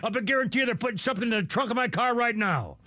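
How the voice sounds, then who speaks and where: A man's voice: extremely high pitch, lively intonation, racing, sharp tone, no echo. A man hosting a talk radio show, ranting in anger with mild swearing, often breaking off and starting over. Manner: angry, swearing, trailing off and restarting. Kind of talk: heated talk radio rant.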